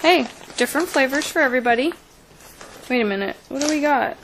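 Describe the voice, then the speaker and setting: A woman's voice: sits high, animated, fairly quick, noisy background. A young woman at home filming a casual unboxing vlog, chatting with her kids and reading out snack names into the camera mic. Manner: chatty, reads product names aloud, coaxes her kids.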